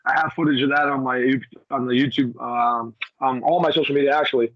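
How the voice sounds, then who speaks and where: A wrestler in casual chat with an interviewer, talking loosely and filling gaps with "you know" and "like.". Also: male voice, mid-range voice, fairly even intonation, quick pace, dull audio. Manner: rambling, many fillers like "you know" and "like". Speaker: wrestler guest.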